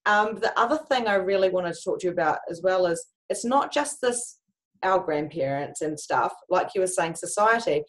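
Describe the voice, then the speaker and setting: A woman life coach chatting on a video call, telling stories in an animated way with lots of fillers and restarts. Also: fairly low pitch, normal speed, rough recording. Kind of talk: conversational video-call chat.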